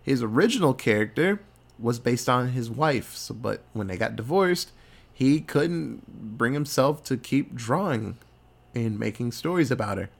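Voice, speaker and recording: A man co-hosting a podcast, retelling a horror movie plot with lively acted-out quotes and casual swearing. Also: mid-range voice, unhurried, gravelly. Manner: animated storytelling with quoted voices, swearing. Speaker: podcast co-host.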